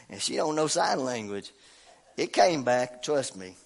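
Folksy preacher with a stuffy voice. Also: male voice, medium pitch, slow, gravelly, slightly rough. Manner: folksy, animated, laughs at himself. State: congested from a cold. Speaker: pastor. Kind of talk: sermon with personal story.

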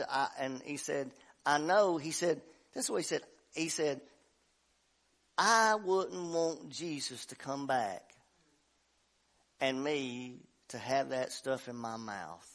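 Man, pastor type, folksy storyteller who builds to shouting, slightly higher pitch. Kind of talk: sermon. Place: church sanctuary.

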